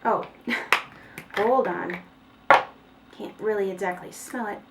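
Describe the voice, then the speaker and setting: A woman's voice: mid-range voice, slow pace, creaky, noisy background. A woman chatting casually through a product haul, rambling with fillers and small laughs. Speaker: beauty vlogger. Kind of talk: casual haul video chat.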